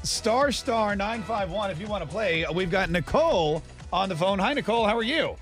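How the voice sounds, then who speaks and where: A man's voice: sits high, lively intonation, fairly bright tone, soft background music. A man hosting a morning radio show, joking playfully as he runs a call-in quiz game. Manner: joking, playful, quick-talking.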